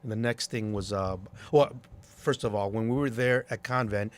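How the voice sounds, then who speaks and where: Speaking at an ordinary pace in a fairly low voice, this man, who promotes clubs and DJs, shares stories in a relaxed interview, animatedly performing the quoted voices.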